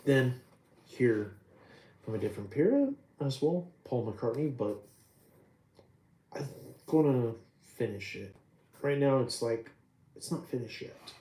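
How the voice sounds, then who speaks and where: A man talking casually about his drawings, halting with many ums and restarts and trailing off quietly. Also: on the low side, echoey room, noisy background. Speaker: artist showing his drawings. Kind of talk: rambling casual talk.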